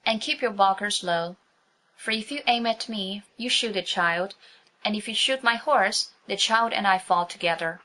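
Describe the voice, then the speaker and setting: A gallant masked highwayman speaks with easy command and a mocking charm, put on by a woman reading a storybook aloud. He is a bold rogue but gentle at heart. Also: moderate pace, lightly acted, rough recording. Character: dashing gallant male highwayman, bold and teasing.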